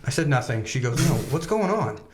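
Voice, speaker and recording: A man telling a rambling, profane personal story in casual chat, animated, often laughing. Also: medium pitch, fairly quick, noisy background. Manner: swears a lot, animated anecdotes, laughs while telling. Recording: echoey room.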